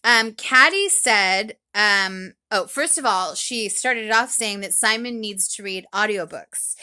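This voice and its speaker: A woman talking alone as a podcast reviewer, chatty and rambling with lots of ums, in an animated, expressive voice. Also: mid-range voice, unhurried. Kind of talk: solo recap vlog.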